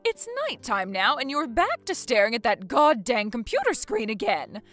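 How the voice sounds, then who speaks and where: A woman's voice: fairly high pitch, sing-song, moderate pace, fairly bright tone, faint music behind. A woman playing a bossy, scornful older mother-in-law who nags and orders people around. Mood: scolding. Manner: nagging, domineering.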